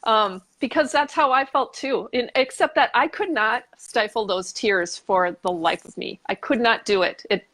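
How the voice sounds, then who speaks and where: An American woman speaking as a guest on a podcast, telling a story in an animated way, acting out her reactions and laughing often. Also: fairly high pitch, normal speed, few pauses. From United States. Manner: animated, acts out her own reactions, frequent restarts; laughs while talking. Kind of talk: casual conversation.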